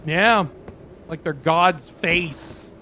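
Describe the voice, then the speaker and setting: A man streaming a video game, chatting through his play and bursting into panicked yelps and shouts. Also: fairly high pitch, extremely slow, slight background noise. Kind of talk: live gameplay commentary.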